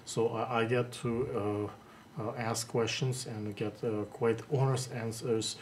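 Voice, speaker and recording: A man hosting an interview, speaking haltingly and restarting his sentences, his words dotted with pauses. His voice sits at an ordinary pitch for a man. Faint ambient noise hangs behind him. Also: little pitch movement. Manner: halting, full of hesitations and restarts. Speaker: interviewer host. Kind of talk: casual interview chat.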